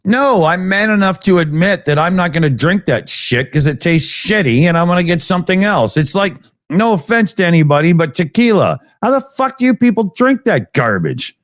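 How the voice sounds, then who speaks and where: A man co-hosting a casual chat, blunt and fond of swearing. His voice sits a little high and swings widely in pitch as he tells stories. The sound is close and dry, with no room around it. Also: normal speed, no room sound. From Canada. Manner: blunt, swears freely, animated storytelling. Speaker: podcast co-host.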